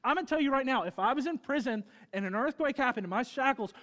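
A pastor, preaching a sermon as an animated storyteller who swings between loud and hushed delivery. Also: male voice, very high voice, fast talker. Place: church sanctuary. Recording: reverberant church hall.

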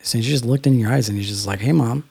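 A man's voice: medium pitch, rapid-fire, gravelly, a little mellow, husky, no echo. A man co-hosting a casual chat, rambling through stories with lots of fillers. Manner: rambling, storytelling with filler words.

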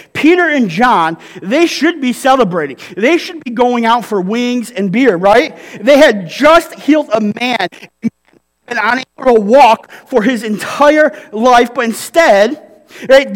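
High-voiced male pastor in a reverberant hall. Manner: conversational preaching with frequent "right?" tags. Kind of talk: sermon.

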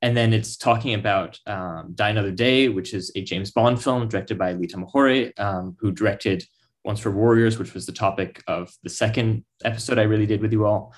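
Male podcast guest, lower voice, academic, halting delivery. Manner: thoughtful, hesitant, with ums. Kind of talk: casual academic discussion.

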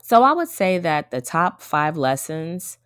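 A woman's voice: sits low, very animated, measured pace, clear, resonant tone, no echo, studio quality. A woman in her thirties hosting a casual solo podcast, talking to her listeners in an earnest, reflective way. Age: 30s. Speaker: podcast host.

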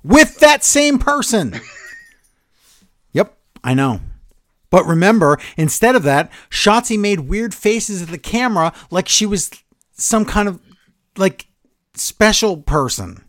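A man's voice: sits high, animated, slow pace, pauses often, a bit bright, no echo, studio quality. A man co-hosting a wrestling podcast, recapping the week's shows in a sarcastic, exasperated way. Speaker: podcast co-host. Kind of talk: casual wrestling recap chat.

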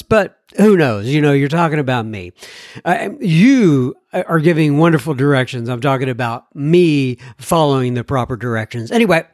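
A man with a high voice hosts a podcast, reading out listener emails and adding chatty, self-mocking asides. The sound is close and dry, with no room around it. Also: no echo. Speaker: podcast host. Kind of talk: reading listener emails aloud with casual commentary.

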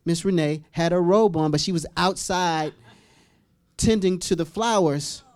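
A man preaching a humorous storytelling sermon as pastor, acting out scenes with sudden high squeals and laughter. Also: measured pace, clean tone, no room sound. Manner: animated, acts out voices with sudden high-pitched squeals and laughs.

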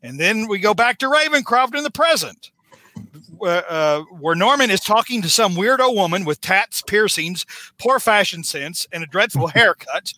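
A man's voice: sits high, expressive, moderate pace, sharp tone, dry recording. A man hosting a podcast, giving a sarcastic, mocking recap of a comic book. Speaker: podcast host.

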